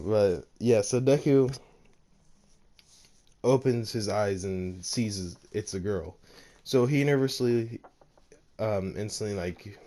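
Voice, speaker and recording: A man's voice: mid-range voice, animated, slow, long pauses, darkish tone. A man casually narrating a fan-made story, rambling with lots of fillers and laughing at his own slips.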